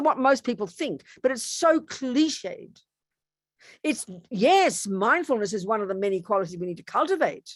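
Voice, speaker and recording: A Buddhist nun gives a dharma talk recorded with clean studio quality and no echo. She is emphatic and animated, swinging widely in pitch and loudness, and keeps it conversational, repeating herself and asking rhetorical questions.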